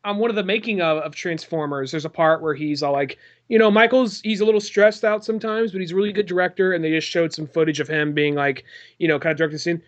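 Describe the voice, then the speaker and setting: A young man co-hosting a casual comedy podcast, dry in tone and telling little stories. His voice sits a bit high for a man. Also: steady tone, quick pace, muffled recording. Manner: dry, storytelling with acted-out quotes. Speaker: podcast co-host.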